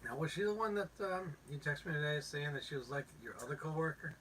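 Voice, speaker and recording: A woman's voice: low voice, expressive, quick pace. A woman co-hosting a podcast, chiming in with brief teasing asides in casual chat. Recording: voice picked up from a distance.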